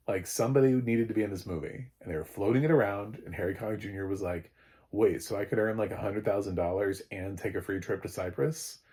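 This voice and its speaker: A man's voice: lowish voice, darkish tone. An American man giving a casual spoken film review, blunt and sarcastic, rambling with lots of fillers and restarts. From United States. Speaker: film critic.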